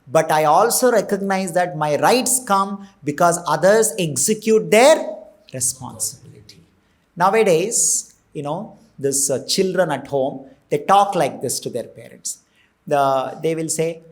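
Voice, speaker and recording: A man with an Indian English accent giving an earnest temple sermon, emphatic and sometimes breaking into acted asides. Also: sits high. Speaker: temple preacher.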